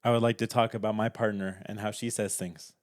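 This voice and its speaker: A man's voice: lowish voice, little pitch movement, fairly quick, dry recording. A man co-hosting a podcast, joking in a dry, laid-back way. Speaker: podcast co-host. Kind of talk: casual podcast banter.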